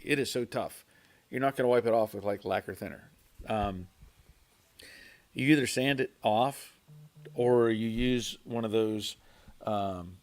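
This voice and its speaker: A man with a mid-range voice runs a laid-back livestream in his home garage. He reads the chat and responds in a halting way, often repeating words and chuckling.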